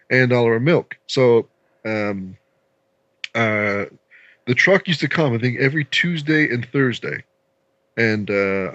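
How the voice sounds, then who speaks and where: A man from Canada with a Canadian accent, a podcast guest telling a long casual story in a rambling, animated way and acting out voices. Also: medium pitch, no room sound. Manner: rambling and animated, acts out voices in his stories. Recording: slightly dull lo-fi remote audio.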